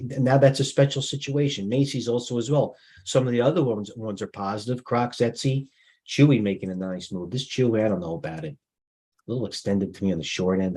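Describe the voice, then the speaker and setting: A man's voice: medium pitch, a little mellow, breathy edge, poor audio. A middle-aged man hosting a live stock market stream, commenting off the cuff with rambling asides and restarts.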